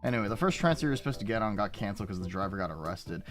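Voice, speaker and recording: A man's voice: fairly low pitch, expressive, racing, soft background music. A man streaming and chatting casually with viewers, rambling with frequent restarts and plenty of swearing. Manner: rambling, profane, self-interrupting.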